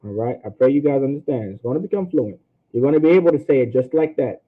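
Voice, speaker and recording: A man's voice: mid-range voice, animated, husky. Man teaching over a tinny line. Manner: casual teaching, repeats points, sounds out words slowly. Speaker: language teacher. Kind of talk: online language class.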